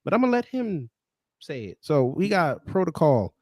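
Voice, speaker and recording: A man's voice: on the high side, very animated, normal speed, a little mellow, no echo, studio quality. A man from New York hosting a political talk show, ranting in a heated, mocking way and repeating his points for emphasis. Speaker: host.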